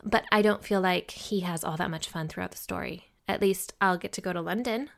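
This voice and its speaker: A giddy young woman, voiced by a female narrator, chatters along with quick, eager excitement. Her voice sits fairly low, with a gravelly texture. The reading sounds like an audiobook. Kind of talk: audiobook character voice.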